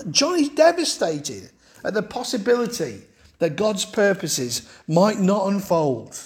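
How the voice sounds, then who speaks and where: A male preacher delivers a sermon at a slow, measured pace. His voice sits high for a man. He drives his points home with rhetorical questions and repeated phrases.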